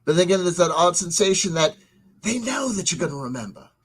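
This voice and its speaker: A man talks into a desk mic on a livestream, wandering from thought to thought and answering chat as it comes. His voice sits a little high, and he often stumbles and repeats words before picking up the thread. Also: very animated, fast talker, husky, rough recording. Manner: meandering, self-interrupting, repeats words. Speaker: channel host reading live chat. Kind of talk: rambling livestream commentary.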